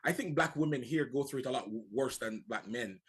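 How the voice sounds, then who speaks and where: A man's voice: mid-range voice, fairly quick, fairly bright tone, breathy edge. Earnest Jamaican man telling his story. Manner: earnest storytelling, repeats words when starting. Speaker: guest. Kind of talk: casual talk-show conversation.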